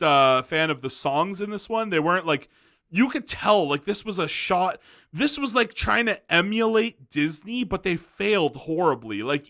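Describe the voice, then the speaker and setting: A man's voice: on the high side, bright, forceful tone. A young man giving a casual, rambling movie review, often restarting his sentences.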